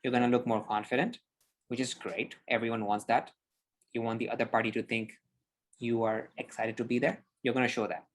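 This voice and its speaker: A man giving public speaking tips on a podcast over a video call, explaining in an animated, demonstrative way. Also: medium pitch, fairly quick. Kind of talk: instructive podcast conversation.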